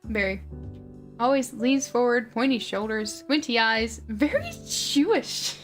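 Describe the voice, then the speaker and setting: A woman's voice: a little high, fairly even intonation, measured pace. Giggly woman streamer reading a script. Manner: giggly asides, reads stage directions aloud. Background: faint music.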